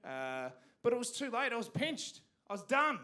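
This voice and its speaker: Aussie comedian on stage, high bright voice, all over the place, gets loud on punchlines. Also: male voice, normal speed. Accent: Australian. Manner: animated storytelling with sudden loud punchlines. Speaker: stand-up comedian. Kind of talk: stand-up comedy set. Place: community theatre stage.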